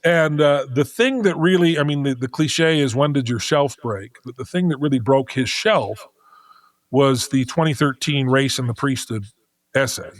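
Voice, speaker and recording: A middle-aged man speaking as a podcast guest. He tells a story in a casual, animated way and restarts his sentences as he thinks aloud. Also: mid-range voice, normal speed.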